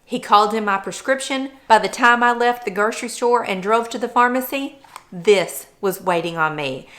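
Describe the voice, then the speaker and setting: A woman's voice: medium pitch, sharp tone. A woman vlogger talking candidly and earnestly about her personal experience. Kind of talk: personal vlog chat.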